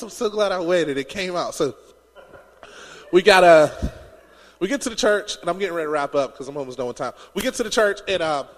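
A man preaching a sermon, telling stories in an animated way and laughing often. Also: high voice, big-room sound.

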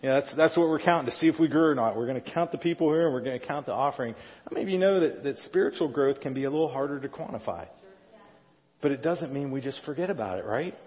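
A man's voice: mid-range voice, animated, fast talker. A middle-aged male pastor preaching a conversational sermon, often asking the congregation questions. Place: church sanctuary. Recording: dull sound in a reverberant hall.

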